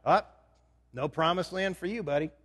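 A pastor's sermon echoes through a reverberant hall at a moderate pace. His slightly high voice carries a bit of brightness, and his conversational style includes frequent questions to the congregation.

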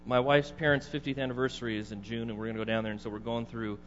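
A man's voice: medium pitch, flat delivery, racing, a bit bright. A middle-aged man preaching a sermon in a conversational way, putting questions to his congregation. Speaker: pastor. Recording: dull, echoey hall with mains hum.

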